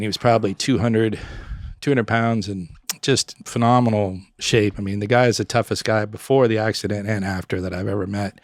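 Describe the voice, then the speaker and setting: A middle-aged man from Florida telling lively stories on a podcast, acting out his friends' voices and laughing often. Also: lowish voice, no room sound. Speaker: podcast guest, former pub owner. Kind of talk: casual storytelling.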